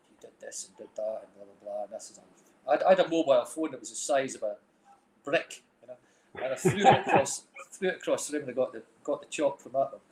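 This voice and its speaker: A man's voice: mid-range voice, a little hiss or hum. Rambling Dundee man, echoey room. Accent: Dundee Scottish. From Scotland. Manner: rambling storyteller, fillers like "like, you know". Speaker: guest, film director and music manager. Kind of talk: casual chat. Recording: roomy echo.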